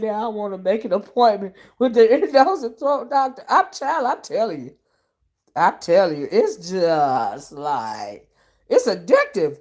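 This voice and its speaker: A woman's voice: mid-range voice, big pitch swings, normal speed, a little mellow. A woman host chatting casually and rambling to her viewers on a late-night livestream, sleepy and talking in a loose, folksy way. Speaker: channel host.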